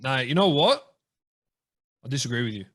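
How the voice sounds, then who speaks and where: A man co-hosting a casual podcast over a video call, teasing his friends in quick banter. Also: mid-range voice, big pitch swings, fairly bright tone. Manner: rapid-fire, teasing banter. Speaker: podcast co-host.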